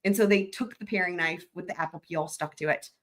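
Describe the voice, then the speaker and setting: Animated young woman telling a story. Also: fairly low pitch, brisk. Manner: animated, laughing often, swearing casually. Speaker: livestream host. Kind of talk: casual storytelling chat.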